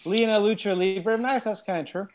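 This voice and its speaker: A man bantering crudely with friends over an online card game, reading cards aloud and joking loudly. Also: high-pitched, a little fast. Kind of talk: casual group chat over a card game.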